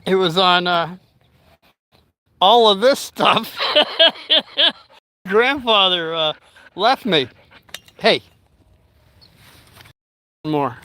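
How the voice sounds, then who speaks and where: High bright-voiced older man rambling. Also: animated, drawn-out words, pauses often, a little hiss or hum. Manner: rambling, chatty, breaks off to talk to his dog and chat. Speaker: vlogger. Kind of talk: casual storytelling livestream.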